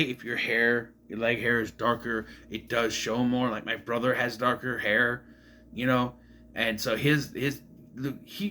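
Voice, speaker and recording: A man's voice: medium pitch, pushed and bright, a little hiss or hum. A young man giving a casual, rambling movie review who often stops to correct himself. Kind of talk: casual film review vlog.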